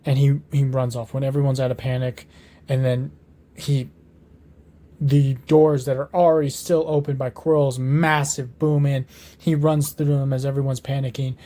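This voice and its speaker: A man's voice: mid-range voice, level tone, moderate pace, warm tone. A man improvising a fan story, rambling on with lots of fillers, restarts and swearing.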